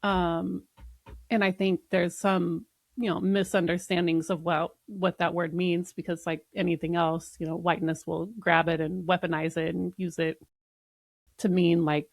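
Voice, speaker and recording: A woman's voice: lowish voice, flat delivery, normal speed, gravelly, no room sound, studio quality. A woman co-hosting a podcast, talking in a reflective way and laughing often. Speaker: podcast co-host. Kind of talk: casual podcast conversation.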